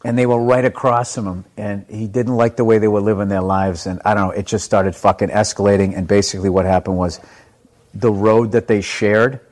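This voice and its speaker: Swearing storyteller on a podcast. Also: male voice, fairly low pitch, brisk. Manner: profane, animated storytelling. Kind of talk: casual chat.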